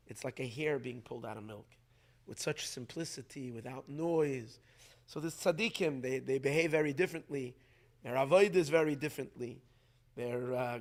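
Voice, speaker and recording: A middle-aged man, a rabbi, telling stories in an unscripted talk to a community gathering. He speaks emphatically and often restarts or repeats words as he goes. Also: fairly high pitch.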